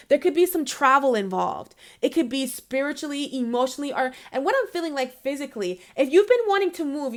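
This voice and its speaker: A woman giving a casual spiritual reading to her viewers. She is chatty and emphatic, laughs often, and speaks straight to the listener to encourage them. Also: high-pitched. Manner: encouraging, addresses the listener directly. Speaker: intuitive reader.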